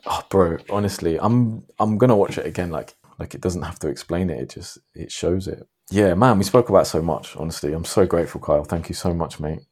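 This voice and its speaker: A man hosting a podcast, telling a long story in a rambling, animated way. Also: low voice, fairly quick, few pauses, slightly rough. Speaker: podcast host. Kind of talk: casual podcast chat.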